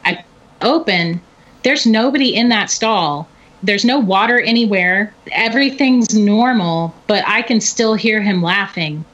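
A middle-aged woman telling a story in casual chat, animated and often laughing. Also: medium pitch, unhurried. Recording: dull lo-fi recording.

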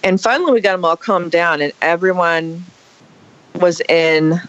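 A woman telling a personal story in a casual, animated and dramatic way. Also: lowish voice, normal speed, muffled recording. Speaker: guest storyteller.

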